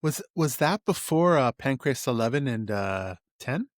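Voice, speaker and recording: Male interviewer, average pitch, brief prompts, close dry mic. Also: expressive, unhurried, dry recording. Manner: brief encouraging interjections and timeline questions. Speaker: podcast host. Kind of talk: casual interview.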